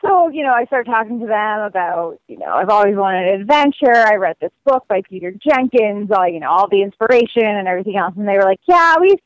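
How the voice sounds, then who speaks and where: A woman guest telling stories in a casual, lively way, full of "like" and acted quotes. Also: medium pitch, fast talker, few pauses, no echo, dull audio. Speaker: guest describing her cross-country walk. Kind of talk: casual storytelling.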